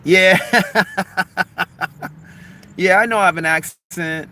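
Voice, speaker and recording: A man with a mixed Long Beach, Los Angeles accent, chatting casually on a live stream, reading comments aloud in a rambling, animated way full of "like" and "man.". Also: high-pitched, slow, slight background noise. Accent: Long Beach, Los Angeles mix. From Los Angeles harbor area, USA.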